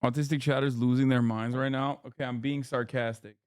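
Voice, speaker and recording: Smooth-voiced man in sarcastic stream commentary. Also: mid-range voice, level tone, brisk, dry recording, studio quality. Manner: sarcastic, mocking, profane. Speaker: livestream host. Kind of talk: livestream commentary reacting to posts.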